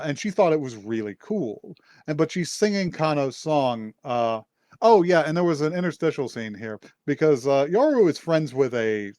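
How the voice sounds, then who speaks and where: A man's voice: mid-range voice, no room sound, clean studio sound. A man hosting a podcast, casually recapping an anime episode in a rambling way, with many fillers and frequent laughs. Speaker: podcast host.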